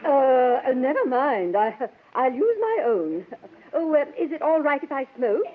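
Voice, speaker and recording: A woman's voice: high voice, big pitch swings, measured pace, narrow, tinny audio, exaggerated voice. An actress playing a genteel, hesitant society lady guest in a 1940s radio sitcom. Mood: prim. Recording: hissy old radio broadcast.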